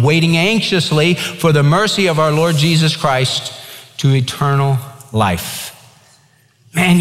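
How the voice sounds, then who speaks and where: Man preaching in a reverberant hall. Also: fairly high pitch. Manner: preaching with emphatic scripture reading and storytelling. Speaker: pastor. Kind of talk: sermon.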